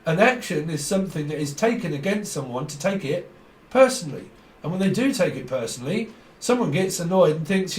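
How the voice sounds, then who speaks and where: A man with a fairly high voice rambles through a tarot reading. He acts out little back-and-forth conversations and laughs often. He sits back from the mic in a roomy, echoing space. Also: sing-song, normal speed, a little mellow, recorded from a distance. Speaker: tarot reader. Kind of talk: casual tarot reading monologue. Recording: echoey room, speaker away from the mic.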